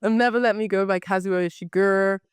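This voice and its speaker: A young woman hosting a podcast, chatting animatedly about books with a slightly hoarse voice, repeating words for emphasis. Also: mid-range voice, steady tone, fast, dry recording. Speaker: podcast host. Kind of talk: casual book talk.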